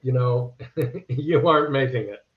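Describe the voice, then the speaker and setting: A man's voice: mid-range voice, a little slow. A male actor, a podcast guest, telling casual anecdotes with wry punchlines. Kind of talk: casual storytelling. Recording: echoey, dull lo-fi remote audio.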